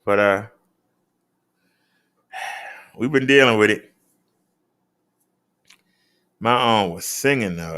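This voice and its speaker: A man's voice: animated, very slow, pauses often, fairly bright tone, smooth. A man hosting a casual show, reading out daily figures and chatting. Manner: emphatic, swoops up high on key numbers. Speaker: host.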